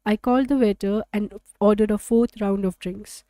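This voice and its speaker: A woman narrating an audiobook in a steady, even-paced reading. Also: medium pitch, normal speed, no room sound. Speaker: audiobook reader.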